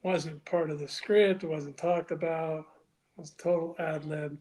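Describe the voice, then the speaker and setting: A man guest on a podcast, telling a story casually and acting out other people's lines in a louder voice, with some profanity. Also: fairly high pitch, a little slow. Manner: animated, acts out quoted dialogue with raised voice; crude, profane.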